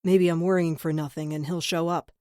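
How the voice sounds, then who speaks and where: Lowish woman narrating an audiobook. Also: flat delivery, a little fast, dark tone, dry recording, clean studio sound. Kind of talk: first-person scripted narration.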